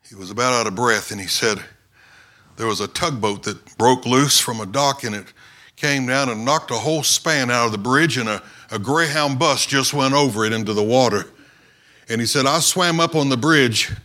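Preacher, male, bright and forceful voice, sermon storytelling. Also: medium pitch, moderate pace. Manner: storytelling sermon, shouting quoted cries. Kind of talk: sermon illustration.

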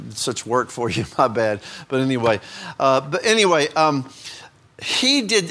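A man's voice: fairly high pitch, bright, forceful tone. A middle-aged man preaching a sermon, rambling through self-deprecating asides between scripture readings. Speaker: pastor.

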